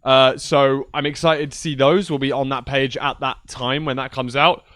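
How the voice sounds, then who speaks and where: A man's voice: medium pitch, little pitch movement, normal speed, a bit bright, dry recording, clean studio sound. A young man rambling casually to his viewers on a livestream from his computer, swearing now and then. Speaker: streamer. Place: at home at a PC.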